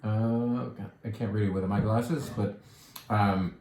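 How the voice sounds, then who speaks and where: Enthusiastic male wine steward, lowish voice, savoring tasting chat, echoey room. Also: steady tone, takes it slowly, darkish tone, a little hiss or hum. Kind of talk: casual wine tasting talk.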